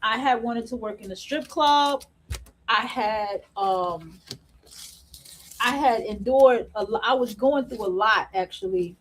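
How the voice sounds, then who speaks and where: A woman with a high, bright voice delivers an unscripted opinion monologue as a host. She is blunt and profane, laughs at her own points and repeats phrases to hammer them home. She slows down and draws words out when she wants them to land. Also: a little hiss or hum, rough recording. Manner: repeats phrases for emphasis, drawing words out slowly.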